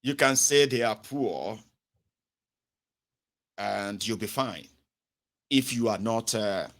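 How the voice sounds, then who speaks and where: A young Nigerian man with a Pidgin-inflected accent giving a mocking, animated satirical political monologue, swinging from loud rants to low mutters. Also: takes it slowly. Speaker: political commentator.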